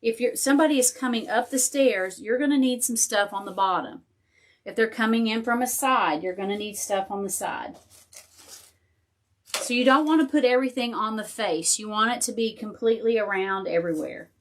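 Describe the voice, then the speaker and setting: A woman's voice: a little high, moderate pace. A woman hosting a casual live crafting tutorial. She thinks aloud as she works and chats with viewers and her dog.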